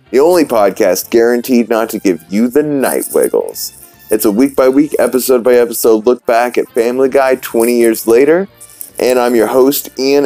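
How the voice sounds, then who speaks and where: A man's voice: medium pitch, warm tone, dry recording. A man hosting a podcast, recapping a cartoon episode in a rambling, sarcastic way with lots of fillers. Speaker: podcast host. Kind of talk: casual recap commentary.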